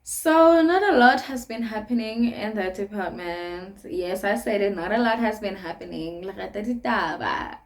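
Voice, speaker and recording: Giggly South African young woman, slow-paced. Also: medium pitch, animated, creaky. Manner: giggly, laughs often between phrases. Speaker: vlogger. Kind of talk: casual sit-down chat.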